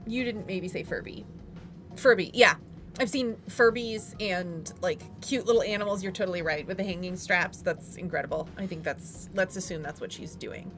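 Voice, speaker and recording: A woman's voice: fairly low pitch, normal speed, a bit bright, soft background music. A woman co-hosting a casual chat, talking in a playful, gushing way about miniatures. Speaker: co-host reviewing miniatures.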